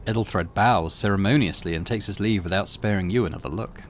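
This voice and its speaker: A man's voice: on the low side, fairly quick, slight background noise. A man hosting a game let's play, reading the text aloud with wry, chatty asides.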